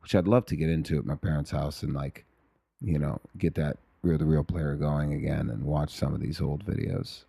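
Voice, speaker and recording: A man's voice: rumbling low, fairly even intonation, moderate pace, gravelly, warm tone, husky, dry recording. A man chatting casually as a podcast guest, loose and self-mocking with frequent chuckles. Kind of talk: casual chat.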